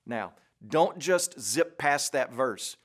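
A man preaching a sermon in an earnest, deliberate way, pausing for emphasis. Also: medium pitch, expressive.

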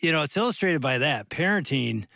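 Older guy cohost cracking jokes, voice a bit high, dry close mic. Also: lively intonation, fairly quick, gravelly, pushed and bright, no room sound. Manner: joking, teasing banter. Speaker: co-host and pastor. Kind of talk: casual podcast chat.

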